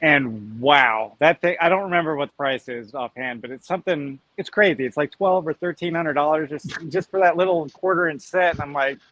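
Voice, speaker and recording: A man's voice: fairly high pitch, moderate pace, few pauses. A man chatting casually on a group live stream, telling stories and acting out what commenters say. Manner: animated storyteller, acts out commenters' voices. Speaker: YouTuber guest.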